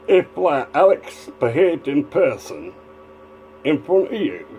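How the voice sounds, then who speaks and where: A man's voice: on the high side, mellow, rough recording. A man giving a casual, rambling video commentary, drifting between asides. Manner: rambling, digressive, full of fillers and restarts. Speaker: vlogger.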